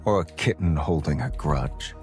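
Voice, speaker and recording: An actor playing a teasing, seductive hunter love interest in a romance game, speaking in a low, slow taunting way. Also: male voice, darkish tone, faint music behind.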